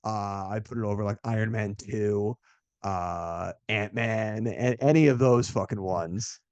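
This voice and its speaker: A young man hosting a casual movie podcast, excitable and profane, calling everyone "dude.". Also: on the low side, unhurried, no echo, highs cut off. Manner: excitable, swears a lot, says "dude" often. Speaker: podcast host.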